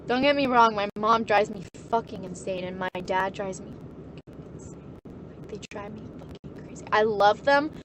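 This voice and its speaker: A woman's voice: medium pitch, moderate pace, background noise. A woman in her twenties chatting casually and bluntly, swearing freely and laughing often. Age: 20s. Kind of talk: casual chat.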